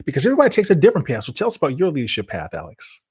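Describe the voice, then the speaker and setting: An American man hosting an interview, effusive and quick to laugh. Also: a little high, wildly swooping pitch, darkish tone, slightly rough. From United States. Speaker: podcast host. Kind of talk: casual interview chat.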